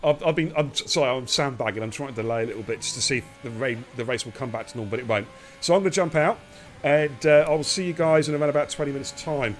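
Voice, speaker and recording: A man casually hosting a live online racing stream, relaxed and jokey as he talks to viewers. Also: mid-range voice, fast, soft background music. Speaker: esports race league host.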